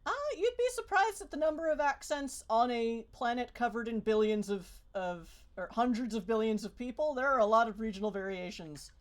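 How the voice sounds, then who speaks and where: A woman's voice: a little high, lively intonation, a little fast, hardly any pauses. A woman narrating as game master of a tabletop role-playing game, rambling with many fillers and restarts.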